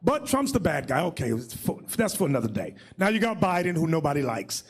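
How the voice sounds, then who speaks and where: A man leading a religious class as bishop, preaching in a loud, mocking, shouting manner. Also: on the high side, sing-song, brisk, slightly rough. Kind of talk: fiery religious teaching.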